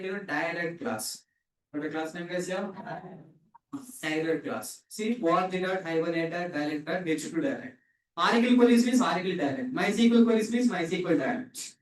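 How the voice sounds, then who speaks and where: A high-voiced man is captured from a distance in an echoey room, off-mic, as he teaches programming. He repeats his questions and has the students call back answers, quizzing them in short bursts.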